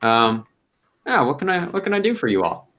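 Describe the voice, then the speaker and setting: A man's voice: mid-range voice, sing-song, fairly quick, a bit bright, a little hiss or hum, pitched above the performer's own voice. A man voicing an easygoing young fey who lives alone in a tower, rambling and hesitant with lots of fillers. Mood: laid-back. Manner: rambling, hesitant, laid-back.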